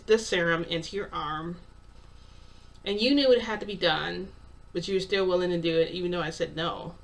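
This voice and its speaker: A woman's voice: fairly low pitch, far from the mic. Chatty woman storyteller, set back from the mic. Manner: chatty, retells dialogue with "I'm like" and "he's like". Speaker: channel host telling a story. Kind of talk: casual first-person storytelling.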